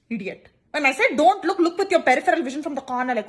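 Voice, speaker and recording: A young woman doing comic monologue sketches, sarcastic and animated, jumping into acted quotes. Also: sits high, fast, hardly any pauses. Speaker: comedy sketch creator.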